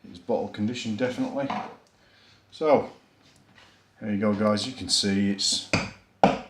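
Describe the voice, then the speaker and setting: A man's voice: lowish voice, steady tone, normal speed. Chatty Yorkshire man reviewing beer. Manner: chatty, self-deprecating, rambling with fillers. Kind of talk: casual beer review vlog. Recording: echoey room.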